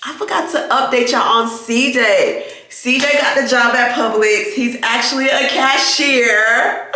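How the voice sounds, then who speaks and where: A woman's voice: fairly high pitch, a little slow, a little hiss or hum. Wheezing woman vlogger in an echoey car. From United States. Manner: chatty, laughing, animated storytelling. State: wheezing, recovering from asthma. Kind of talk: casual chat to camera. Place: inside a car.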